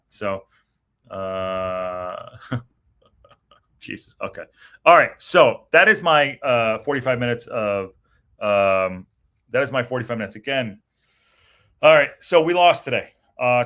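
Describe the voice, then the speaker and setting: A man's voice: fairly low pitch, fairly bright tone, clear, resonant tone. A middle-aged man hosting a post-match reaction stream, rambling and swearing in frustration as he reads viewer comments. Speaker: podcast host reading chat.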